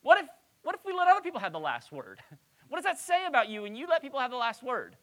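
A woman pastor delivers a conversational sermon with a clear, bright tone. Her pitch rises and falls widely as she poses rhetorical questions to her listeners, keeping the teaching lively and animated. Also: fast talker.

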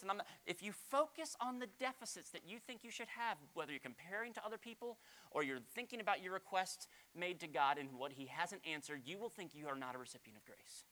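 A male pastor preaching a sermon, animated, swinging from loud exclamations to quiet asides. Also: high-pitched, fairly quick.

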